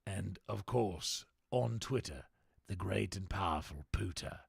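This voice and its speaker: A man's voice: low voice, expressive, measured pace, creaky, slightly rough, dry recording, clean studio sound. A male game streamer chatting to his live viewers in a theatrical, mock-formal put-on accent.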